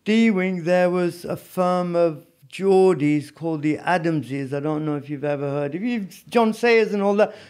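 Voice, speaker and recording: A man telling prison stories as a podcast guest, animated and often adding "you know what I mean". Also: high-pitched, unhurried, hardly any pauses, smooth. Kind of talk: storytelling in a casual interview.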